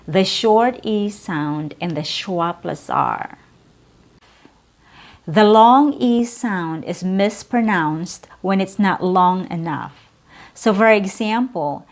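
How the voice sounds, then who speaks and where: Woman, pronunciation teacher, very slow careful delivery, mid-pitched voice, repeats words to compare sounds. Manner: repeats words slowly and contrasts right and wrong sounds. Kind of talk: slow, deliberate pronunciation lesson.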